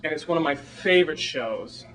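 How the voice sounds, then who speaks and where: An actor playing a flamboyant, eager small-town theater director, chatty and rambling in a film monologue performance. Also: male voice, fairly high pitch, animated, normal speed, fairly bright tone, distant mic, soft background music, low-quality recording. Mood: gushing.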